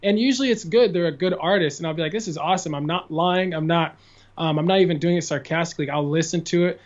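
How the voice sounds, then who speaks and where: A young man in his twenties, a musician guest on a casual podcast, telling his stories in a loose, chatty way full of "like" fillers and easy laughter. His voice sits a touch higher than most men's, and the recording sounds a bit dull and lo-fi. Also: fast talker. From California. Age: 20s. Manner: chatty storyteller, many "like" fillers, laughs often. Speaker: podcast guest, guitarist and singer.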